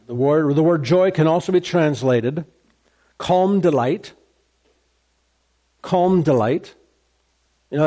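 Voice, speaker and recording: Guy preaching, kinda high voice, keeps repeating phrases, gets fired up. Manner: emphatic preaching, repeats key phrases, rises high when excited. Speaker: pastor. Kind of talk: sermon.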